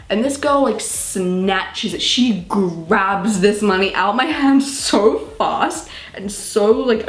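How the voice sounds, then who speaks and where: A woman's voice: mid-range voice, roomy sound. Exasperated young British woman vlogger. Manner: animated, exasperated, laughing storytelling. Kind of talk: storytime vlog.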